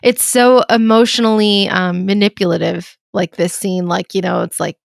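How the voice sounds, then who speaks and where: A woman's voice: medium pitch, steady tone, moderate pace, creaky, no echo, clean studio sound. A woman co-hosting a casual podcast chat, chatty and trailing off, with lots of filler words. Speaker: podcast co-host.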